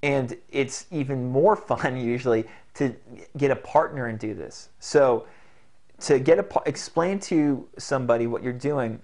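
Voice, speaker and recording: Male self-help coach, mid-pitch, gravelly edge, earnest and repetitive delivery. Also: a little slow, a little mellow. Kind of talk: instructional talk to camera.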